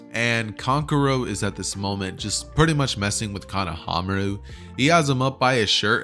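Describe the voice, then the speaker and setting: A man's voice: lowish voice, pushed and bright. A man casually retelling an anime what-if story, rambling with lots of filler words. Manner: rambling, fillers like right and pretty much. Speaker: YouTube storyteller. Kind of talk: casual fan-fiction retelling.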